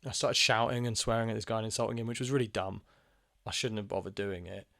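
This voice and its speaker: A man's voice: lowish voice, fairly even intonation, quick pace, vocal fry, a bit bright, dry recording, studio quality. A young man telling a personal story in a casual monologue, rambling and frank, with lots of fillers, restarts and swearing. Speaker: channel host telling personal stories.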